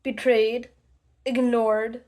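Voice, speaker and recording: Slow, halting woman with a raised voice. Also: a little high, level tone, darkish tone. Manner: slow, halting, deliberate with frequent pauses and restarts. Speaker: vlogger. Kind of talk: personal confession to camera.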